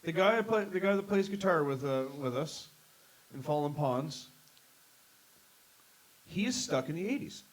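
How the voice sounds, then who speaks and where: A man's voice: fairly high pitch, animated, normal speed, long pauses, low-quality recording. Rambling man hosting a casual podcast. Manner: swears freely, rambling storyteller. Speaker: podcast host. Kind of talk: casual chat.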